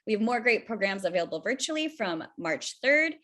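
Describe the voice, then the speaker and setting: A woman hosting a festival interview over a video call, warm and giggly, often laughing through her lines. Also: mid-range voice, sing-song, fairly quick. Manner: giggly, keeps breaking into laughter. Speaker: festival staff host.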